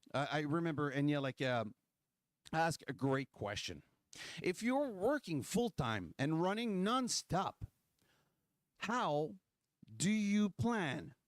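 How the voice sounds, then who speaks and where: A man, talking loosely and sarcastically as the host of a political livestream. His pitch jumps around a lot, and he often restarts his sentences. The sound is dry and close, with almost no room around it. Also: no room sound. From Quebec, Canada. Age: 40s. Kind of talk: casual political talk.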